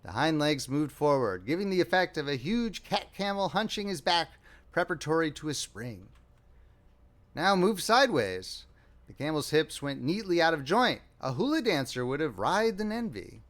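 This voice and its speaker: A man narrating a classic short story as an audiobook reader, with a wry, expressive delivery. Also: on the high side, moderate pace. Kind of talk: scripted narration.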